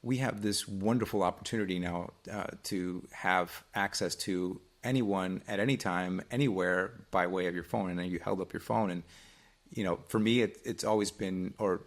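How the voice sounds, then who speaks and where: A man's voice: deep voice, moderate pace. A man co-hosting a podcast, talking in a reflective, rambling way with restarts. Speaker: podcast co-host. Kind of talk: casual chat.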